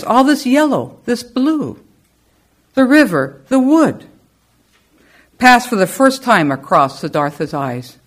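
Lively woman leading a spiritual service. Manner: lively storyteller with animated pitch. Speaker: service leader. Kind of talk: spiritual talk to a congregation.

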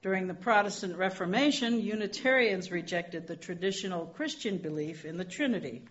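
A woman minister giving a sermon in a church, telling a gentle joke with dry humor before turning to reflection. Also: lowish voice, fairly quick. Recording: dull lo-fi recording.

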